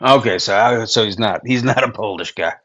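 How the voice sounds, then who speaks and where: A man's voice: fairly low pitch, fairly quick, fairly bright tone, highs cut off. A man co-hosting a casual sports show, easygoing and chatty, leaning on fillers. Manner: easygoing, lots of fillers like you know. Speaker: podcast co-host.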